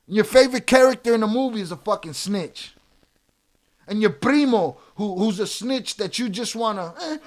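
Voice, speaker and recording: High-voiced man ranting at his chat. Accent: Chicago. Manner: profane, confrontational ranting at chat; slow halting reading of court documents. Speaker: streamer reacting to true crime. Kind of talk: live stream commentary.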